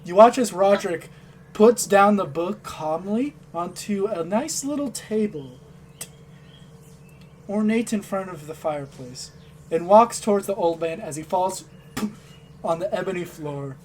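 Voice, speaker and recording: A man's voice: high voice, expressive, measured pace, a little mellow. A man narrating a tabletop role-playing game as game master, in a casual way that often repeats words. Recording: faint background noise.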